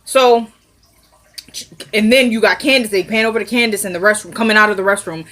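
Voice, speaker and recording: A woman's voice: mid-range voice, steady tone, fairly quick, sharp tone. Sniffly woman, chatty TV recapper who laughs and performs the dialogue. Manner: chatty, laughs often, acts out quotes. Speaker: TV episode recapper. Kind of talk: casual recap vlog.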